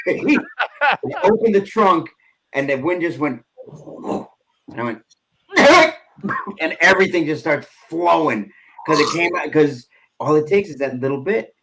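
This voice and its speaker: A man's voice: fairly high pitch, very animated, a little slow, long pauses, a bit bright, low-quality recording. A man on a podcast, telling casual stories, often laughing as he rambles through them. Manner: laughing, rambling anecdotes with fillers. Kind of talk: casual storytelling chat.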